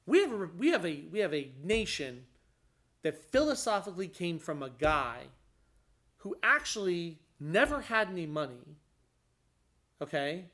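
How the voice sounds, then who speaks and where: A man's voice: high-pitched, very animated, normal speed, pushed and bright. A man talking casually in a conversation, explaining his views with frequent restarts and rising emphasis. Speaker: guest describing his court hearing.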